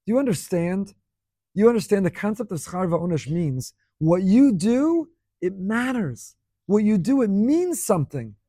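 A man with a high-pitched voice delivers a sermon to students. He builds emphasis through rhetorical questions and repeated phrases. The sound is close and dry, with no room echo. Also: sing-song, measured pace, dark tone. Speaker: rabbi teaching students. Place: speaking in Jerusalem.

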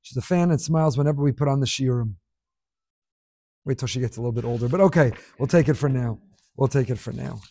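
A middle-aged man teaching a Torah class, reading listener emails aloud with animated, emphatic delivery and scattered Hebrew terms. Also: mid-range voice, fast, dry recording, clean studio sound.

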